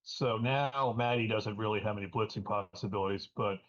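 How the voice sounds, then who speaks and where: Male commentator, thoughtful, filler-heavy, muffled stream sound. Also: fairly low pitch. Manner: halting, filler-heavy, analytical. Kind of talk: live game commentary. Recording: dull lo-fi stream audio.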